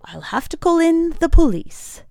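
Woman voicing a fussy male hotel manager, cooing, condescending, a touch higher, gravelly edge. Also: sing-song, moderate pace, darkish tone, no echo, studio quality. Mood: huffy.

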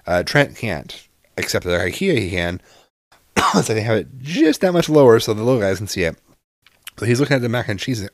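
A man's voice: on the low side, animated, quick pace, dry recording, clean studio sound. A man in his thirties telling a story in casual chat, exasperated and profane, rambling with lots of fillers.

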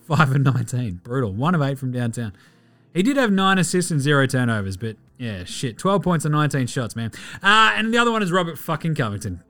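Sweary excitable Australian man. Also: on the high side. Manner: sweary, excitable, does mocking voices. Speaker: podcast host. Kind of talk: casual sports recap.

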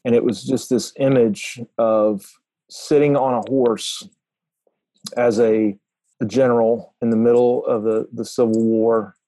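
A man earnestly sharing a spiritual vision in a prayer call, pausing and restarting as he talks. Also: medium pitch, steady tone, warm tone, no room sound, rough recording. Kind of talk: reflective sharing.

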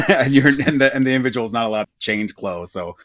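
A man co-hosting a podcast, summarizing game material in a halting, casual way with many filler words. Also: medium pitch, fairly bright tone, no echo. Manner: halting, with frequent "uh" and "um". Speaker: podcast co-host.

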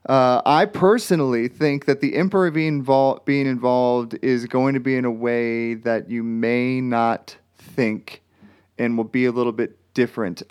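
Smooth-voiced man speculating casually. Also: medium pitch, a little mellow. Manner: rambling, speculative, many restarts. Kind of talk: casual chat.

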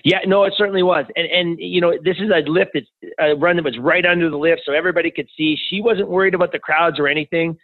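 A man's voice: a little high, steady tone, fast, hardly any pauses, no room sound. A man, a podcast guest, telling personal stories with enthusiasm. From Canada. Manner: enthusiastic anecdotal storyteller. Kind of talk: conversational interview. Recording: tinny phone-like remote line.

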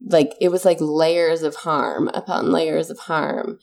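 Slow, mellow-voiced mother telling a story. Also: deep voice, fairly even intonation, vocal fry. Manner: earnest, candid, swears when heated. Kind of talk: casual storytelling.

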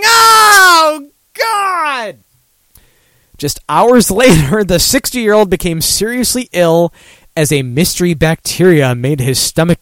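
A man's voice: on the high side, no room sound. A man hosting a casual one-man talk show, rambling and swearing, laughing at his own remarks. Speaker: radio show host.

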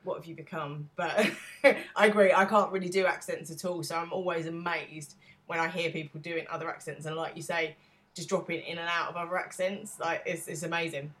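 Chatty English woman, low voice. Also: steady tone, brisk, a bit bright. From England. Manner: chatty, laughs often, asks questions. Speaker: podcast co-host. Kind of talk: casual podcast chat.

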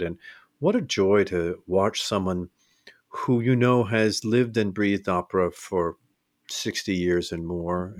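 Low-voiced male interviewer, dry sound. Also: no room sound. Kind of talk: conversational interview.

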